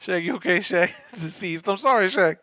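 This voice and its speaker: A man's voice: high voice, lively intonation, moderate pace, sharp tone, dry recording. A man co-hosting a podcast, chatting casually about a movie and slipping in dry, teasing jokes. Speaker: podcast co-host.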